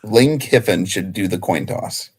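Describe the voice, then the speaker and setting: A young man on a sports betting panel, joking around with quick, goofy asides. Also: sits low, breathy edge. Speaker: regular panelist. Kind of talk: casual sports betting chat.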